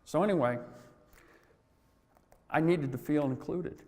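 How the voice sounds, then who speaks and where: A man's voice: fairly high pitch, measured pace, dark tone. Folksy man in his sixties, hall echo. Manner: folksy, anecdotal, with fillers. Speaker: conference speaker. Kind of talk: motivational talk with storytelling. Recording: long hall reverb.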